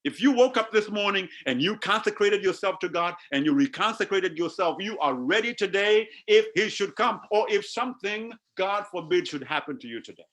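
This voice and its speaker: A man preaching a sermon to his congregation, animated and calling out to them, often repeating his words. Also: high-pitched, moderate pace, few pauses. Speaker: pastor.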